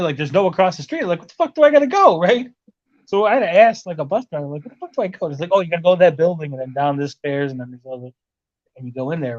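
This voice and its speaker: A man rambles through a story on a podcast, swearing freely and checking in with "right?" after nearly every point. His voice sits a bit high. The recording sounds dull and lo-fi. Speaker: podcast host. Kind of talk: casual chat. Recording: lo-fi muffled audio.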